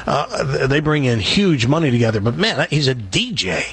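A man's voice: medium pitch, big pitch swings, normal speed, a bit bright, breathy edge. A man co-hosting a radio show, chatting casually and making wry, teasing remarks. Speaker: radio co-host.

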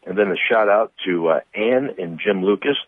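A man's voice: on the low side, normal speed, dry recording. A man in his sixties from St. Louis, a car dealer calling into a radio show, telling stories in a casual chat with frequent laughter. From St. Louis, Missouri. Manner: storytelling, laughs often. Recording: tinny phone line.

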